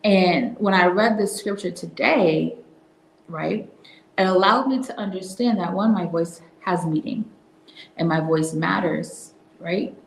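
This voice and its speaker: A woman hosting a casual devotional talk, soft-spoken and reflective, now and then dropping into a whisper. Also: lowish voice, measured pace, creaky, roomy sound, a little hiss or hum, rough recording. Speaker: host.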